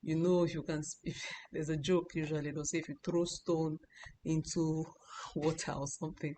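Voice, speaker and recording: A woman's voice: sits low, fairly even intonation, a little hiss or hum. Woman teacher repeating practice sounds. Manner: demonstrates sounds by repeating them, breathy hushing sounds; halting, with many restarts and fillers. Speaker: online Chinese language teacher. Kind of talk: casual online pronunciation lesson.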